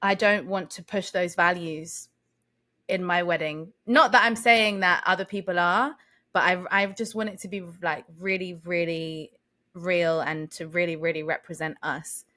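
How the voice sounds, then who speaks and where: A woman co-hosting a podcast, talking in an animated, reflective way and laughing easily. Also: fairly low pitch, normal speed. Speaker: podcast co-host. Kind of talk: casual chat.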